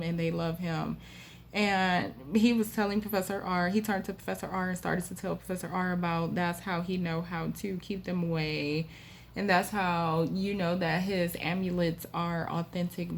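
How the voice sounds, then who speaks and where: A woman host telling a spooky personal story in a chatty, animated way with frequent asides to the listener. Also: on the low side, a little hiss or hum. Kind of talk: casual storytime.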